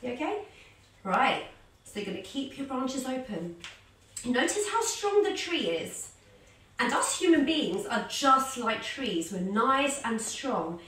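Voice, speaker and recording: A woman leading a children's yoga class as a story, giving animated, sing-song encouragement. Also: a little high, far from the mic, slight background noise. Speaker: kids yoga teacher. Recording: echoey room, voice off-mic.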